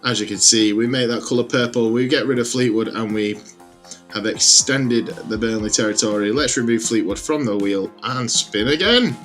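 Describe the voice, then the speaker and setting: A man commentating on his own football video game with energetic, exclamatory play-by-play. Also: fairly low pitch, moderate pace, soft background music. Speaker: gaming YouTuber.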